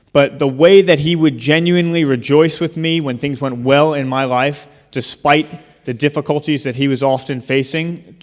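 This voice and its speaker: Man, public speaker, earnest storytelling, long hall reverb. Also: fairly high pitch. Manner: storytelling, earnest with dry humor. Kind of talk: public talk.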